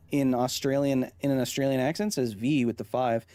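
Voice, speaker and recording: A man's voice: medium pitch, fairly even intonation, fast talker, hardly any pauses, mellow, slight background noise. A man doing live gameplay commentary as a science streamer, reacting to the game and reading chat aloud.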